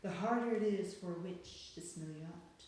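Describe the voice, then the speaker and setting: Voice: mid-range voice, moderate pace, a little mellow, slight background noise, close to an everyday voice. A reader voicing an elderly grandmother who gives an emphatic warning, in a very echoey room.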